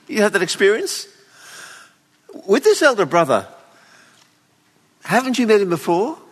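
A man preaching a sermon at a weekend away, expressive and pleading, often acting out the people in the story. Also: sits high, measured pace, long pauses. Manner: expressive, voices the father pleading tenderly. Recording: long hall reverb.

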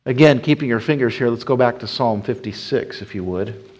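Man, preacher, sermon, emphatic, dips to near-whisper, mid-pitched. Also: fairly quick, slightly rough. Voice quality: whispers at times. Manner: swells loud and emphatic, then drops to a soft hush.

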